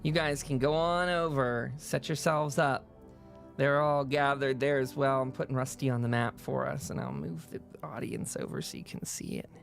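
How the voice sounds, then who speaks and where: A man's voice: mid-range voice, moderate pace, creaky, soft background music. A man narrating as game master of a tabletop game, rambling along with frequent fillers.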